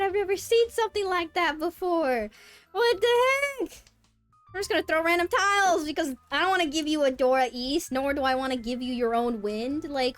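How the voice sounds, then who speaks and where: A woman streaming a game, chatting casually, swearing often and jumping from low mutters to squealing disbelief. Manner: swings from mumbled muttering to high yelps of disbelief, swears often. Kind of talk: casual live-stream chat while gaming. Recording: faint music behind. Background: faint background music.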